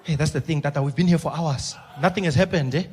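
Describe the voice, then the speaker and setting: A man doing a panicky, high-voiced young helper. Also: fast, breathy edge. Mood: anxious. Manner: fretful, high, pleading. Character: panicky young male helper, anxious and pleading.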